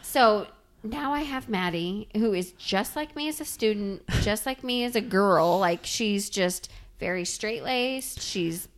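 Lively woman with a bouncy voice. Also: medium pitch, a little slow. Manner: lively, laughs often, playful. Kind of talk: casual chat.

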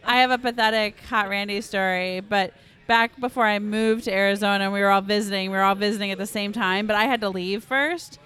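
A woman's voice: medium pitch, steady tone, a little fast, a bit bright, clean tone. A woman telling a personal story in a casual chat among friends, laughing as she goes.

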